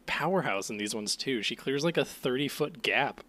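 A man's voice: medium pitch, moderate pace. Man, podcast co-host, casual chat, swears and laughs, voice swings up and down a lot. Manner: laughing, profane, animated.

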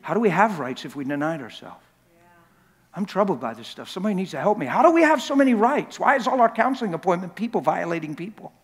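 A man with a high voice preaches a sermon in a church sanctuary. He tells stories with a lot of repetition and swings from quiet asides to loud shouts. His voice trails off into a long, echoing hall reverb. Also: quick pace, slightly rough. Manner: animated, repetitive storytelling that swells to shouting.

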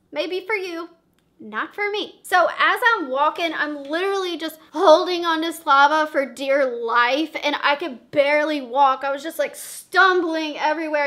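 A young woman tells a storytime vlog in a dramatic, profane way. Her voice sits high and sounds bright and sharp. She jumps between loud outbursts and quiet, confiding asides. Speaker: vlogger.

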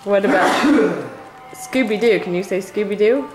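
A woman's voice: medium pitch, moderate pace, noisy background. A mother at home filming her toddler on a handheld camera, coaxing him in a sing-song baby-talk voice. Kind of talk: home video, talking to a toddler. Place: at home indoors.

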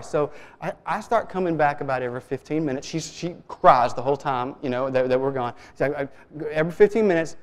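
Guy preaching in a church, chatty storytelling, kinda high voice, lots of hall echo. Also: fairly quick. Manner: storytelling, conversational, with many restarts. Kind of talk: sermon with a family story. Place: church sanctuary. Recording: long reverb of a church hall.

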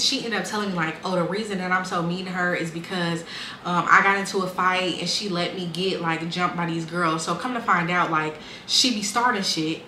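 A woman's voice: medium pitch, pushed and bright. A young woman, telling her life story casually and bluntly, swearing freely and acting out what people said. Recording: echoey room with faint ambient noise.

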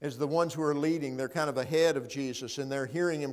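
Church preacher, man, higher-pitched, big swings from booming to soft. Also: fast, hardly any pauses. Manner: swings from loud proclaiming to hushed, quiet appeals. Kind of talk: sermon. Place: church sanctuary.

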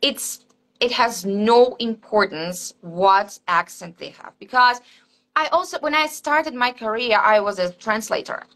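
A woman's voice: a little high, unhurried, a bit bright, rough recording. A woman, a language teacher, answering interview questions in an explanatory way with frequent fillers. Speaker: Spanish teacher and guest.

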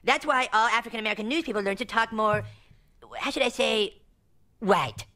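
A woman's voice: fairly high pitch, normal speed, bright, forceful tone. A woman voicing a condescending media coach in a cartoon, who speaks in a hesitant, patronizing way. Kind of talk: cartoon voice acting.

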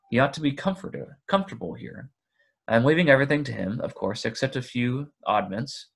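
A man voicing a fussy, possessive elderly male hobbit who rises to sharp, excited outbursts. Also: mid-range voice, vocal fry.

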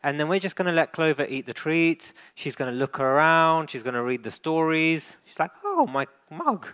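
A man's voice: fairly high pitch, normal speed, fairly bright tone, clean tone. A man who works as a dog trainer, leading a live training demonstration and coaching handlers with frequent praise.

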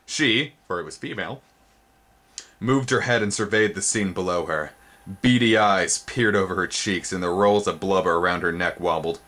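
Man, very low voice, dramatic storybook reading, theatrical pitch jumps, shows the pictures. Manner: theatrical, sudden pitch jumps on exciting words; pauses to show the book's pictures. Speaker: storybook reader.

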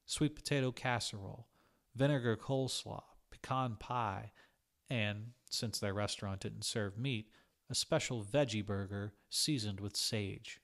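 Calm man reading a story aloud. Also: lowish voice, creaky. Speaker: reader.

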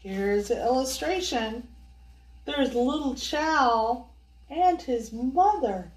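An older woman reads a children's storybook aloud, her high voice swooping with lively melody as she coaxes kids to join in. She takes her time over every line. The sound is roomy and picked up from a distance. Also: slow. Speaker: storyteller host. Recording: echoey room, voice from far off.

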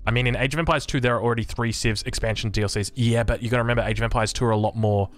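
A young Australian man hosting a casual, excitable live reaction to game news, rambling and joking. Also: medium pitch, racing, faint music behind. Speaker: gaming YouTuber.

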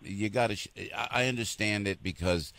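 A man's voice: lowish voice, a little fast. A man hosting a radio show, talking emphatically and repeating his points. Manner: animated, emphatic, repeats phrases. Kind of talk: heated talk radio conversation. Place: radio studio.

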